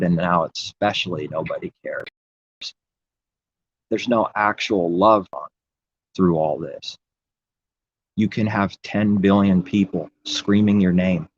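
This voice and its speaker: A man's voice: low voice, slightly rough, muffled recording. A man preaching in an impassioned, rambling religious monologue, repeating his phrases.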